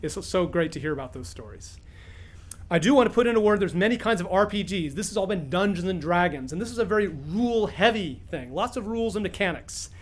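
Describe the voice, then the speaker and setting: Man, high-pitched, game master and teacher, animated storyteller. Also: quick pace. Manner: animated storyteller, fillers and restarts.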